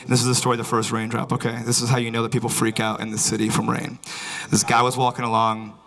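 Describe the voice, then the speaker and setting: A man's voice: mid-range voice, completely flat delivery, fast, creaky, a bit bright, rough recording. A man doing a stand-up comedy set, talking loosely and rambling with lots of filler phrases before a live audience. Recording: live crowd audible. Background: audience laughter.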